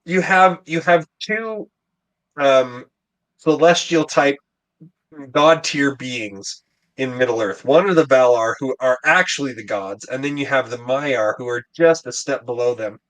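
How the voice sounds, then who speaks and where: A man co-hosting a casual review podcast, arguing his points emphatically with halting restarts. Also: medium pitch, fairly bright tone, rough recording. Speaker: podcast co-host.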